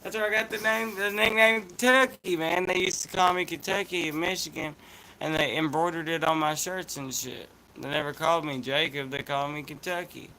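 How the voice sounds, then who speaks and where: A man's voice: a little high, steady tone, a little fast, bright, forceful tone, slight background noise, low-quality recording. Laid-back Appalachian-accented guy. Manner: laid-back, rambling, slangy. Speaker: host. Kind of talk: casual chat vlog.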